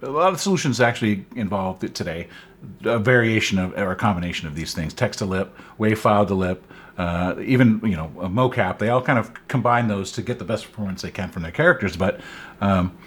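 A man with a somewhat low voice co-hosts a casual tech podcast. He explains things at length, with frequent pauses and restarts. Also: fairly bright tone. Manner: many fillers and restarts, explaining. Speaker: podcast co-host.

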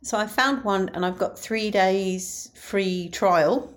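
A woman's voice: mid-range voice, slow. A woman comedian, chatting casually to camera in a dry, sarcastic way and laughing often. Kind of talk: casual vlog chat.

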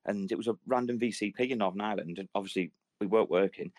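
Fairly low-pitched and a little mellow, this podcast host's voice comes through with no echo. He rattles off army stories in sweary, laid-back banter and performs the voices of everyone he quotes.

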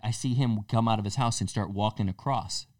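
A man's voice: fairly low pitch, a little fast, no room sound, clean studio sound, recorded from a distance. A man co-hosting a podcast, telling a story in casual chat and acting out the quotes with plenty of restarts. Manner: animated storyteller, acts out quotes, many restarts. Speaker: podcast co-host.

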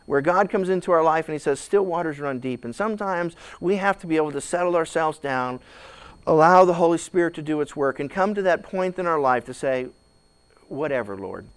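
Male pastor, high voice, preaching with big dramatic swings from hush to shout, stammering restarts. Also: a little fast, clean tone. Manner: repeats words when starting sentences. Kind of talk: sermon.

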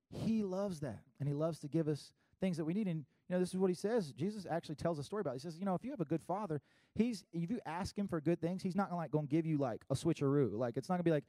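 A man from South Carolina preaching in an easygoing, conversational way, tossing in fillers and little laughs as he talks. His voice sits a bit high for a man yet sounds mellow and dark in tone. The sound is dry and close, with no room echo. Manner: conversational and animated, many fillers and quick laughs. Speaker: pastor. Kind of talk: sermon.

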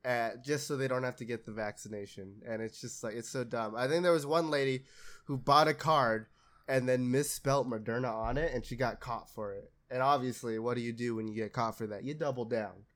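A man's voice: mid-range voice, fairly quick, fairly bright tone. A man co-hosting a podcast in casual chat, sarcastic, swearing freely and laughing often. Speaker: podcast co-host.

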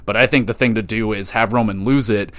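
A man hosting a solo podcast, giving his picks in a casual, profane and excitable way, thinking out loud as he goes. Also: on the low side, brisk, no room sound. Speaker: podcast host. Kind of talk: solo wrestling podcast predictions.

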